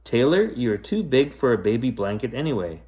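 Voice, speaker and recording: A man's voice: mid-range voice, big pitch swings, moderate pace, darkish tone, natural voice. A man voicing an exasperated teenage big brother in a read-aloud storybook. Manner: exasperated, scolding.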